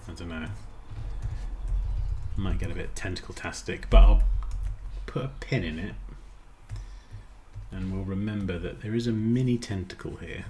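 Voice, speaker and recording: A man's voice: sits low, normal speed, long pauses, mellow, a little hiss or hum. Chatty man livestreaming design. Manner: chatty, rambling, mutters while working. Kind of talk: casual livestream chat while editing.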